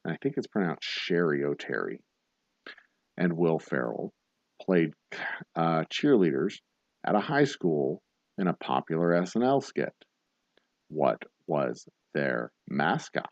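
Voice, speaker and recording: Deep-voiced man hosting bar trivia. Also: very animated, a little mellow, no echo, dull audio. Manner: casual, joking, swears offhand, repeats questions slowly. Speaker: trivia host.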